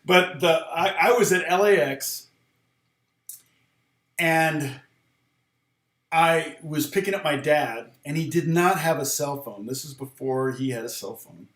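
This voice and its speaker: A man's voice: on the high side, unhurried, long pauses, fairly bright tone, reverberant. A middle-aged man, a guitar teacher, telling rambling, chuckling anecdotes in casual conversation. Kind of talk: casual storytelling.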